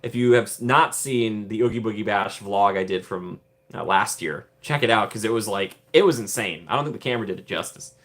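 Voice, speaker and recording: A man's voice: lowish voice, brisk, a bit bright. Chatty, rambling man hosting a live stream. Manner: rambling and chatty, laughs often, repeats himself. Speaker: streamer host. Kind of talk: casual live-stream chat, answering viewer comments.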